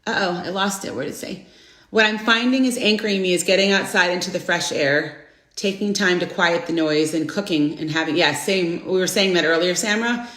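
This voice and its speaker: A woman in her forties hosting a live inspirational stream, chatting casually and greeting viewers by name with bursts of excitement. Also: fairly low pitch, a little fast. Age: 40s. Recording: roomy echo.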